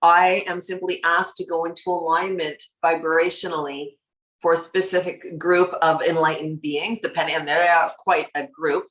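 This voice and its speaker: A woman guest in a casual conversation about her spiritual work, telling stories lively and acting out quoted exchanges, often laughing. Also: fairly low pitch. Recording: roomy echo.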